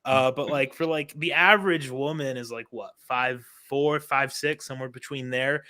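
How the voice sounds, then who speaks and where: Bright-voiced man, rambling chat. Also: mid-range voice, moderate pace. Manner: rambling, animated, filler-heavy. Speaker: stream panelist. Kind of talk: casual chat.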